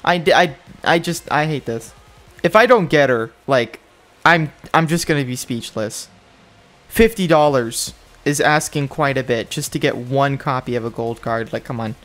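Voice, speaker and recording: A man's voice: mid-range voice, moderate pace, fairly bright tone, soft background music. A young man giving exasperated commentary while opening mobile game packs, ranting and jumping up in disbelief.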